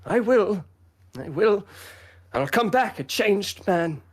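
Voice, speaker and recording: A man's voice: high voice, animated, takes it slowly, husky, voice pushed up, heavily acted. A man voicing a proud, easily embarrassed young male tribesman with a stiff manner.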